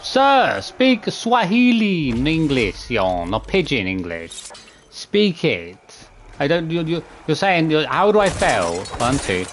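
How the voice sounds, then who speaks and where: Man, gamer, exasperated, swearing, counting inputs out loud, swinging pitch, slightly high voice. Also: big pitch swings, takes it slowly, slight background noise. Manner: exasperated, swears, counts button presses aloud. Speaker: streamer playing a video game. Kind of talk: live gameplay commentary.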